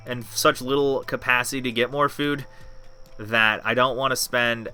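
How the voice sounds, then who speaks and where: A man's voice: mid-range voice, fairly even intonation, normal speed, bright, forceful tone, clean tone, soft background music. A man giving casual gameplay commentary as a let's play host, chatting to himself, talking back at the game and swearing freely.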